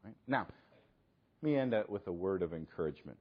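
A man preaching a sermon, asking rhetorical questions and swinging between loud emphasis and hushed, quiet lines. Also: low-pitched, expressive, brisk, breathy edge, dull audio. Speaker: pastor.

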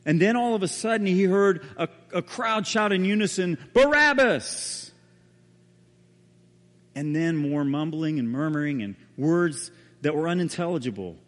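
A man preaches a sermon, telling the story with drama and often sinking into a hushed tone. His voice sits a little high for a man. The sound carries a long, reverberant hall tail. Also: moderate pace, few pauses. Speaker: pastor.

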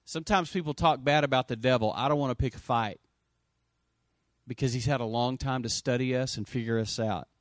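A man's voice: medium pitch, fairly quick, dry recording. Conversational preaching man, dry sound. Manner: conversational, swings between loud emphasis and quiet asides; asks the congregation for amens. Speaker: pastor. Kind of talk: sermon.

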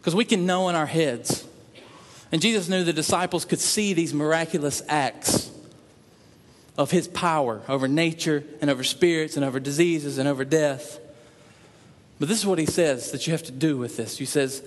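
Man, preacher, earnest sermon, slightly high voice, long hall reverb. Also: normal speed. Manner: earnest, repetitive emphasis, acts out prayers in quotes.

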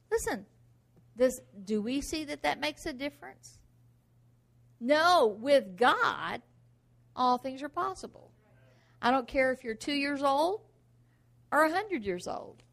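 High, bright-voiced woman preaching. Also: very animated, slow pace, creaky, long pauses. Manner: emphatic, with rhetorical questions and bursts of laughter. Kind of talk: sermon.

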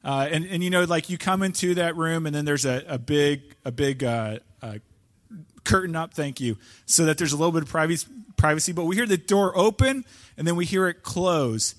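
A man, the pastor, telling a personal story to his congregation with halting restarts before introducing a guest speaker. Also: on the high side. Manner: warm anecdotal, halting with restarts. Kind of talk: casual storytelling before a sermon.

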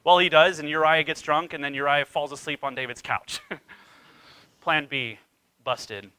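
Male pastor, sermon delivery, very bright and forceful tone, dry close sound, dramatic storyteller. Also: fairly high pitch, fairly even intonation, a little slow, clean tone, dry recording, poor audio. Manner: dramatic storytelling with wide swings in emphasis.

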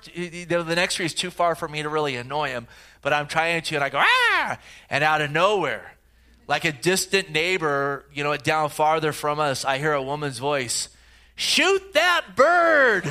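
A middle-aged man preaching a sermon with a bright, forward tone and a voice pitched a little high. He talks in a loose, conversational way, telling stories with plenty of fillers and restarts. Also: clear, resonant tone. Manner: conversational, anecdotal storytelling with frequent fillers. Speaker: pastor.

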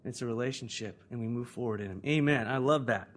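A man with an American accent preaching a sermon as pastor, talking conversationally and swinging between loud emphasis and hushed, prayerful lines. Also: medium pitch, fast, hardly any pauses, slight background noise.

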